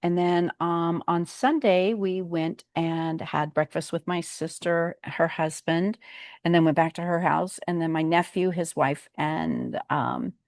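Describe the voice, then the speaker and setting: An older woman with a low voice talks to her viewers in a casual vlog update. She rambles from one thing to the next and fills pauses with ums. The sound is close and dry, with no room echo. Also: lively intonation, darkish tone. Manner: chatty and meandering, with frequent ums. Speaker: vlog host.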